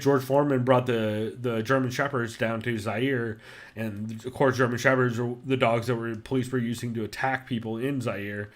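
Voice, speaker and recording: Brief: male podcast host, mid pitch, rambling casual delivery, swears freely. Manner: loose and profane, many fillers.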